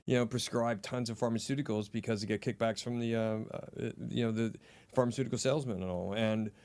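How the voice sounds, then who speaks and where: Fast-talking profane male comedian. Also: mid-range voice, fairly even intonation, darkish tone. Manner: profane, storytelling with acted quotes. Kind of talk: casual chat. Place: studio.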